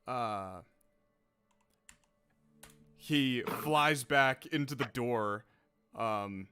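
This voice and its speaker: A man running a tabletop game as game master, narrating in an unhurried way with many filler pauses. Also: medium pitch, bright, forceful tone, smooth, no room sound, faint music behind.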